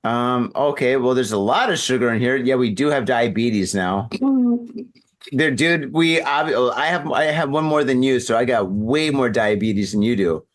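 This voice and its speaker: A man's voice: mid-range voice, normal speed. A man hosting a podcast, drunk and telling a rambling, profane story in casual chat. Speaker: podcast host. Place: in Japan.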